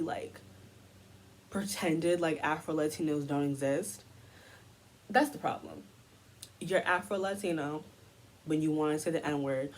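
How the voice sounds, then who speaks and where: Indignant woman ranting, low voice. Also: darkish tone, slight background noise. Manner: indignant, sarcastic, mocking quoted voices. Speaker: commentary vlogger. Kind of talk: heated commentary rant.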